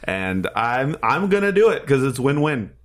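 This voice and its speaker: A man's voice: mid-range voice, big pitch swings, moderate pace. A male comedian chatting casually and rambling, with lots of hesitations. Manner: rambling, hesitant, full of fillers. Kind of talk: casual chat. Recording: echoey room, loud music behind.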